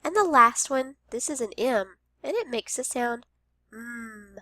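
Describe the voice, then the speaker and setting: A woman teaching a phonics lesson to young children, speaking slowly and sounding out each word with care. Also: high voice, animated, bright, forceful tone, dry recording, studio quality. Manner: slow, careful, over-enunciated.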